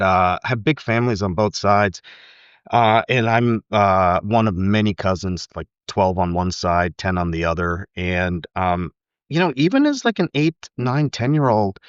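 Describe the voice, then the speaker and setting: A middle-aged man from the United States, a guest telling his story in a thoughtful, candid way with soft laughs and frequent fillers. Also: deep voice, fairly even intonation, moderate pace, clear, resonant tone, no echo, dull audio. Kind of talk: reflective interview talk.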